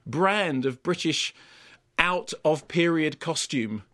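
A man's voice: a little high, lively intonation, slow, fairly bright tone, no room sound. A man reviewing a film on radio in an arch, wry, theatrical way, speaking into a studio microphone. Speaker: film critic.

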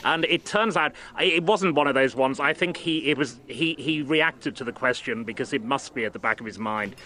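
A man co-presenting a radio show, telling a story about an interview in an animated, self-deprecating way. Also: medium pitch, moderate pace. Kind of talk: casual radio chat.

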